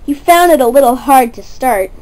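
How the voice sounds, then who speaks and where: A woman's voice: high voice, expressive, normal speed, darkish tone, rough recording. A woman narrating a toy-train story for children, stopping to quiz young listeners.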